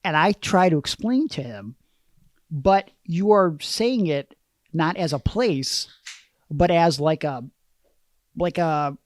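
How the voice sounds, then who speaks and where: Podcast co-host, male, rambling and self-deprecating, slightly higher voice, dry sound. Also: expressive, slow pace, long pauses, no room sound. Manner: rambling storyteller, self-mocking. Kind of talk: casual chat.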